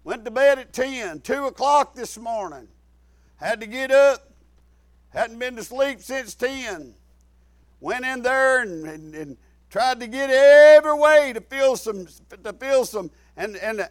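A middle-aged man, preaching a folksy sermon full of repetition and sudden shouted emphasis. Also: very high-pitched, no room sound.

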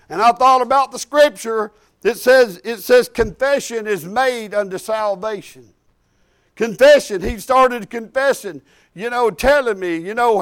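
Male preacher with a very high voice; folksy testimony sermon, emphatic, restarts often. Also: clean tone.

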